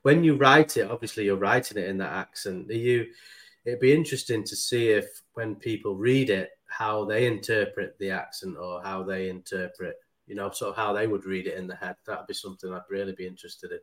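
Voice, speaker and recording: A man hosting a podcast, chatting casually and warmly thanking his guest. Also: on the low side, brisk. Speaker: podcast host. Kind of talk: casual interview chat.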